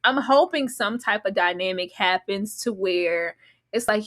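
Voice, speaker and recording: A woman guest on a live episode discussion, talking in an animated, dramatic way with slangy asides. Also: medium pitch, measured pace. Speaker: guest co-host.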